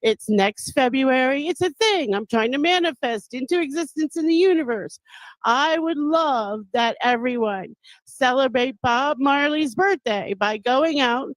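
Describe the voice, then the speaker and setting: A woman's voice: high-pitched, expressive, measured pace, no room sound, low-quality recording. A woman from Delaware co-hosting a casual podcast, earnest and insistent, repeating her points. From Wilmington, Delaware, US.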